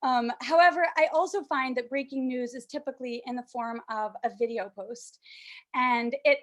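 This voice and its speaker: Brief: young woman from canada, high voice, stand-up set, self-deprecating, lots of ums. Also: moderate pace. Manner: self-deprecating, fillers like um, high sing-song put-on voices for baby talk. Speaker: stand-up comedian.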